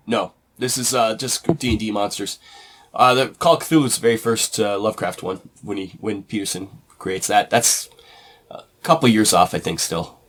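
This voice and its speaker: A man co-hosting a podcast in casual chat, reacting quickly and laughing easily. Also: on the low side, fairly even intonation, fairly bright tone, slight background noise. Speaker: podcast co-host.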